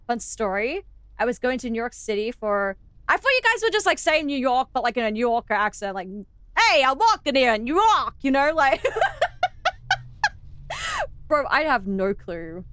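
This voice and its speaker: A woman's voice: on the high side, very animated, moderate pace, pauses often, a bit bright, clear, resonant tone. A young Australian woman streaming a game, chatting playfully with viewers, giggling and sounding out words as she rambles. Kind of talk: casual live-stream chat while gaming.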